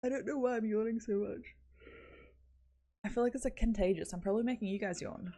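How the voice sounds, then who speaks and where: A woman's voice: a little high, a little fast, dark tone. A young Australian woman streaming live, chatting casually in a rambling, giggly way with lots of "like". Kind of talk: casual chat.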